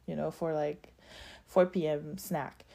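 A woman's voice: low voice, level tone, slow, vocal fry, dark tone. A young woman hosting a podcast, telling a story in casual chat and acting out the quotes with big jumps in her voice. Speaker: podcast host.

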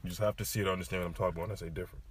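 A young man with a low voice tells a story among friends at rapid-fire pace, animated and packed with slang, acting out what other people said. There is slight background noise.

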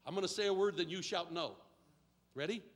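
A man preaching a sermon as pastor, telling a story and then building to shouted repetitions and call-and-response with the congregation. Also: high voice, brisk. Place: church sanctuary. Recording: long reverb of a large hall.

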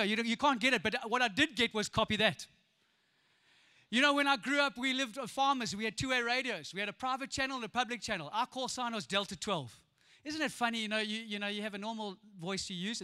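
A man with a South African accent preaching a lively, playful sermon as a pastor, acting out voices and often laughing. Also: extremely high pitch, quick pace, clean tone. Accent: South African English. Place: church auditorium. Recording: echoey church hall.

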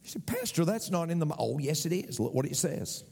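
A man's voice: on the high side, big pitch swings, a little fast, vocal fry, darkish tone, husky, in a large hall. A man preaching a sermon as pastor, repeating phrases and asking the congregation for an amen.

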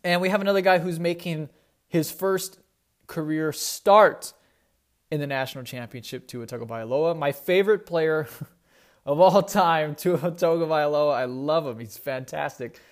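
Young male sports host, slightly higher voice, loose and rambling, keeps restarting his sentences. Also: a little slow. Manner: rambling, self-correcting, conversational. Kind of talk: casual solo sports talk.

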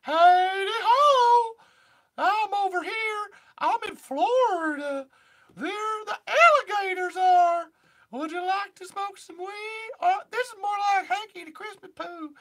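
A man putting on a shrill, giddy, goofy young guy with a sing-song delivery. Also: takes it slowly, a bit bright, exaggerated voice.

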